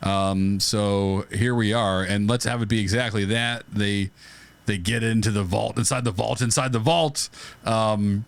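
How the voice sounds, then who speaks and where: A man's voice: fairly low pitch, fairly even intonation, a little slow, creaky. A man co-hosting a comedy podcast, riffing animatedly on a movie idea and laughing often. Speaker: podcast co-host. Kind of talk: casual comedic brainstorming.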